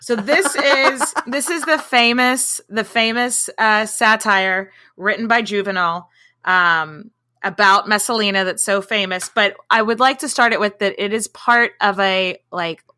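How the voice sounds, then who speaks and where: A woman co-hosts a history podcast in loose, irreverent chat, tossing in quick asides. Her voice is bright and forward, with ordinary pitch for a woman. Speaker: podcast co-host.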